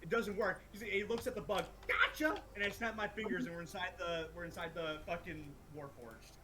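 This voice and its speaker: A man's voice: sits high, a little fast, pushed and bright. A man playing a tabletop role-playing game, thinking aloud in a rambling way and swearing casually. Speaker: player.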